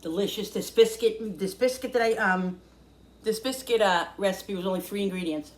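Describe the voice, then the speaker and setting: A woman hosting a casual cooking vlog from her home kitchen, gushing and excitable about the food as she eats and talks. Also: medium pitch, moderate pace, roomy sound. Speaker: cooking vlogger.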